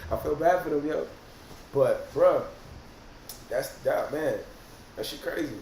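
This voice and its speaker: A man, hosting a casual livestream and reacting to viewer comments in animated, profane slang. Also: a little high, slow. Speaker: rapper and livestream host. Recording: roomy echo, faint noise.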